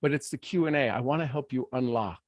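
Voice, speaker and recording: A middle-aged man hosting a live motivational stream, emotive and exuberant, moving between hushed intensity and excited outbursts. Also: mid-range voice, fast, dry recording. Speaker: motivational speaker hosting a livestream. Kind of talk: live motivational talk to an online audience.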